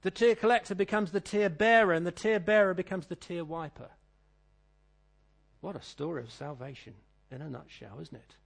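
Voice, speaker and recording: British guy preaching, middle-aged, kinda high voice, gets loud then drops to quiet asides. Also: normal speed, creaky. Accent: British English. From Britain. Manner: emphatic, swings from loud declaiming to quiet asides. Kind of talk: sermon.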